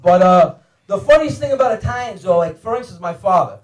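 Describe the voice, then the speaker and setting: A man telling profane, animated stand-up stories about his family and acting out their voices. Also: high voice, brisk. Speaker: comedian guest telling stories. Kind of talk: stand-up storytelling. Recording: roomy, far from the mic.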